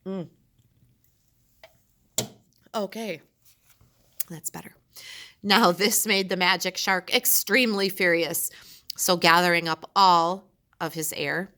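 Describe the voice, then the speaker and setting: A woman reads a children's story aloud in a bright, clear voice and stops now and then for chatty remarks to her listeners. Her pitch sits a little low for a woman. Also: steady tone, slow pace, long pauses. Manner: chatty asides between the reading. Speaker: storyteller reading a picture book aloud.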